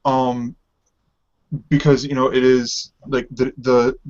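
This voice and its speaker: A man's voice: medium pitch, little pitch movement, takes it slowly, a little mellow. A man co-hosting a casual podcast about TV, easygoing and full of hesitant fillers. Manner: hesitant, many ums, easygoing, laughs often. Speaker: podcast co-host. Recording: dull lo-fi sound.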